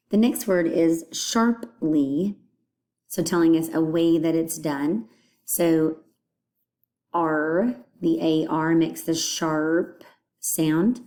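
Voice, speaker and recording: A woman's voice: sits low, mellow. A woman teaching a phonics lesson, patiently breaking words into their parts and explaining what they mean.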